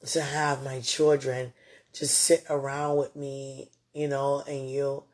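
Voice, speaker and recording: A man with a husky voice, pouring his heart out in rambling, tender late-night talk about faith. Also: medium pitch, darkish tone. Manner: rambling and tender, full of "you know".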